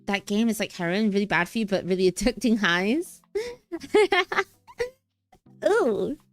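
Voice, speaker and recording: A woman's voice: mid-range voice, sing-song, slow. Young woman streaming, goofy and rambly, voice bounces up and down, faint music behind. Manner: playful, rambling, giggly. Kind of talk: casual livestream chat.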